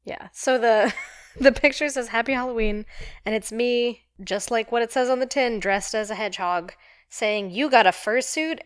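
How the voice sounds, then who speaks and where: A woman's voice: on the high side, moderate pace, clear, resonant tone, dry recording. Brief: female podcast co-host, easygoing and laughing, dry close mic. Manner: laughs easily, relaxed and friendly. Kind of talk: casual chat.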